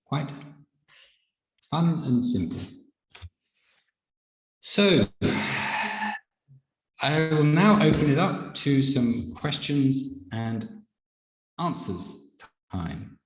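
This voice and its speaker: A man teaching pronunciation in a live online master-class, explaining in a measured, patient way over a video call. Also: on the high side, big pitch swings. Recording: echoey room with long reverb.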